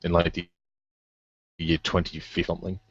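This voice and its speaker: A young man co-hosting a casual podcast chat, sounding tired and relaxed as he asks questions. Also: low voice, moderate pace, vocal fry, breathy edge, no echo. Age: young adult. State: tired, yawning. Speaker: podcast co-host. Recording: dry, dull lo-fi podcast audio.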